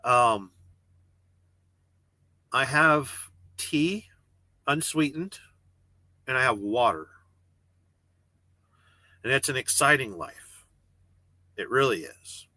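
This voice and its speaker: A man hosts a casual livestream from the cab of his parked truck and reads out viewer comments. He rambles and jokes, cursing freely. His voice is bright and tense, and it sounds dry and close. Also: mid-range voice, lively intonation, slow pace, pauses often, no room sound. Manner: rambling, joking, swears freely. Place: parked truck cab with refrigerated trailer running.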